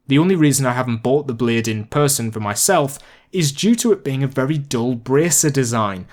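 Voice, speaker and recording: A man narrating a video game review, chatty and excitable, turning rambling and self-deprecating as he thinks aloud. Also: mid-range voice. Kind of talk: scripted review narration and off-the-cuff ranking.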